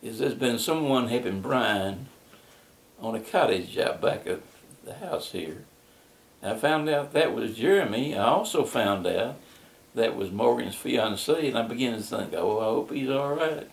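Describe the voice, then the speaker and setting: Older man, gravelly and folksy. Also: medium pitch, lively intonation. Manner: folksy, unhurried storytelling. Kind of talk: casual interview. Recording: echoey room.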